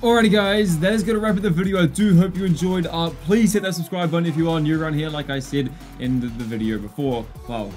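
A young man commentating a video game pack opening with excitable outbursts and groans, calling out to his viewers as lads. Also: on the high side, fast talker, hardly any pauses, faint music behind. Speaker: gaming YouTuber.

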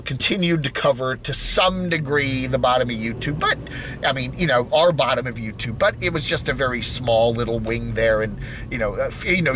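Bright-voiced rambling American YouTuber man. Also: a little high, slight background noise. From United States. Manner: rambling, self-deprecating, restarts. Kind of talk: rambling solo talk.

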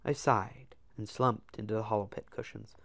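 A man reading a science fiction novel aloud as a storyteller, with measured, dramatic emphasis. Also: lowish voice, fairly even intonation, gravelly, a bit bright, dry recording, clean studio sound.

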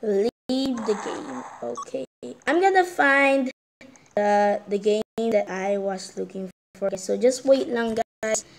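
A woman giving excitable, chatty commentary while playing a game, often calling out to "guys". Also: high voice. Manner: excitable, keeps repeating "guys". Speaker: gaming vlogger.

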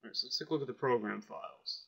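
A man casually demonstrating software while thinking aloud, offhand and a bit puzzled. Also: medium pitch, racing, vocal fry, breathy edge, muffled recording. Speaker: software reviewer. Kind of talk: casual screen-recorded software demo.

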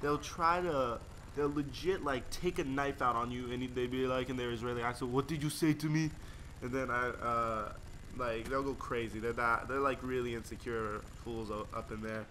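A man's voice: mid-range voice, steady tone, moderate pace, pushed and bright, a little hiss or hum. A young man rambling through casual gameplay commentary and stories, slangy and easily sidetracked. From United States. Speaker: gaming video creator.

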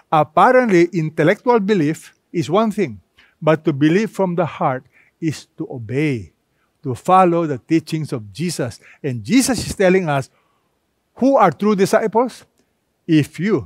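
A man delivers a sermon in a somewhat high voice, leaning hard on repeated phrases and stretching key words with pauses. The sound is close and dry, with little room echo. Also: sing-song. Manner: emphatic, repetitive preaching with dramatic pauses. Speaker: pastor.

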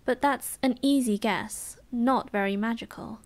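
A woman with a British English accent voicing an earnest, worried male cheese seller in a soft storybook reading, in whispered role-play. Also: a little high, measured pace, lightly acted. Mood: mild. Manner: plain, fretful.

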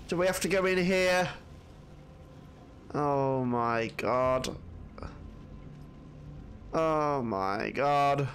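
A man with commenting on a video game he is playing, excitable, jumpy and swearing often. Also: medium pitch, slight background noise. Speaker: gaming channel host. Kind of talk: let's-play commentary.

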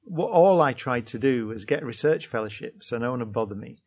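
A man who is a scientist, giving measured, reflective answers as a podcast interview guest. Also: medium pitch, lively intonation, a little mellow.

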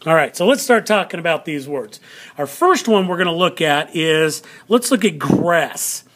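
A man's voice: a little high, lively intonation, moderate pace, a bit bright. A man teaching a classroom lesson on video, patient and explaining step by step, repeating key words for emphasis.

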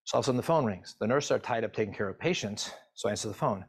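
A middle-aged man, a physician assistant, telling a painful story from his work in a halting, emotional way. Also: on the low side, lively intonation, husky. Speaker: physician assistant and medical educator. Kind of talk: personal story told to camera.

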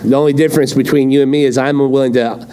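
A male pastor preaching a sermon, telling a story in an animated way and acting out the quotes. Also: medium pitch, fast, slight background noise. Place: church.

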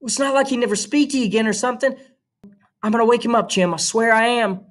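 A man doing a pleading young girl, pitched high. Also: steady tone, fast, a bit bright. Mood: desperate.

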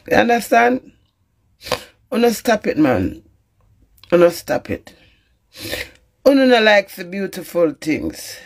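A woman's voice: deep voice, darkish tone, husky. Jamaican woman going off on a live stream, begging folks to leave her alone, lots of cussing. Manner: pleading, emphatic, swears often. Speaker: social media personality. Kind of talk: emotional live-stream rant.

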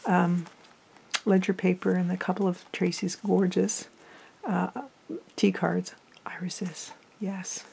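A woman hosting a craft video, talking softly and fondly through a flip-through while losing her voice. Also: fairly low pitch, vocal fry, breathy edge. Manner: soft-spoken, fond, often drops to a near whisper. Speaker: crafting channel host. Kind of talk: casual journal flip-through.

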